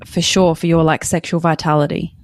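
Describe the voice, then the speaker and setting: A woman in her thirties co-hosts a podcast, chatting candidly in a casual way and teasing herself. Her low voice is delivered flatly and a little fast, with no echo.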